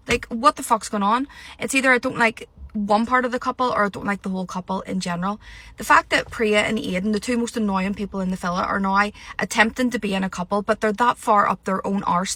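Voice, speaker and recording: A young woman vents in a heated, sweary rant. Her voice is bright and forceful. The recording is dry and close, with no room sound. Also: medium pitch, no room sound. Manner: heated, sweary, exasperated ranting. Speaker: reality TV commentator. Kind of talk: ranting vlog.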